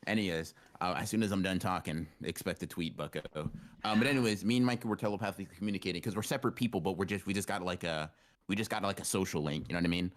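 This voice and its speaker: Very low-voiced man chatting on a podcast. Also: rapid-fire. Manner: animated, repeats phrases, swears casually. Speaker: podcast co-host. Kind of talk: casual chat.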